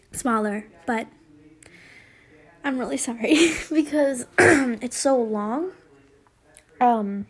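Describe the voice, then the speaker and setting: Woman, casual fan fiction reading, giggly, rambling, slow pace, higher voice. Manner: chatty, giggly, rambling asides.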